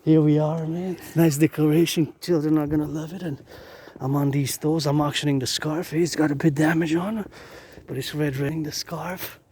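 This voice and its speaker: A man walking outdoors through residential streets, rambling excitedly and chatting to the decorations he films on his phone. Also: a little high, normal speed, slight background noise. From Canada. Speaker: vlogger. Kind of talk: casual walking vlog.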